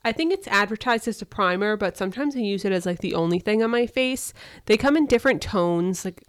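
A woman's voice: medium pitch, expressive, brisk, clear, resonant tone, no echo, clean studio sound. A young woman co-hosting a podcast, chatting casually and swearing freely. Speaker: podcast co-host. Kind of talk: casual chat.

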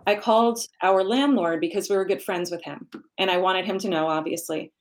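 A woman's voice: medium pitch, fairly quick. A woman speaks with candor and emphasis as she shares a personal story of loss in a casual talk. Her voice sits in a middle range. She stresses key points firmly. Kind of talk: casual conversation about grief.

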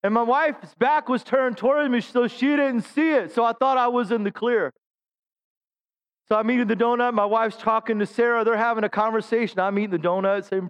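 The recording is lo-fi, carrying a very high-pitched, smooth and brisk voice with fairly even intonation. It belongs to a middle-aged pastor whose sermon is full of humorous stories about himself, self-deprecating jokes and calls to the congregation.

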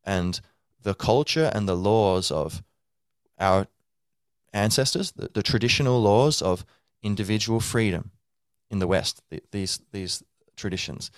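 Guy with a lowish voice musing on his own podcast, lots of ums and restarts, dry sound. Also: expressive, a little slow, smooth, no echo. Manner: rambling, many fillers and restarts. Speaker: podcast host. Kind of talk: casual monologue.

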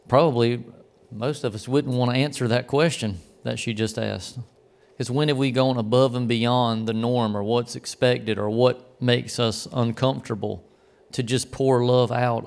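A man talks through a devotional teaching in an earnest, reflective way, pausing to restart a phrase now and then. His voice is smooth and resonant, sitting at an ordinary middle pitch for a man.

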